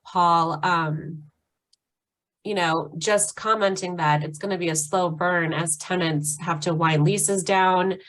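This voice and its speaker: Female webinar host, lower register, relaxed conversational questioning. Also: slow pace, rough recording. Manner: conversational, posing questions from the chat. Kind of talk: moderating a webinar Q&A.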